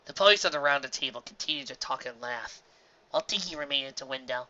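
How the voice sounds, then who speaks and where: Woman narrator, bright voice, animated, dull lo-fi recording. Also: rumbling low, quick pace. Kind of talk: audiobook reading of fan fiction.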